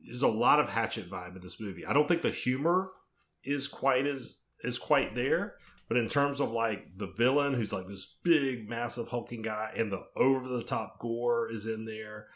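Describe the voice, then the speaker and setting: A man co-hosting a horror podcast, walking through film plots in a steady, casual chat. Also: mid-range voice, moderate pace. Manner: steady, methodical plot summaries. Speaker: podcast co-host.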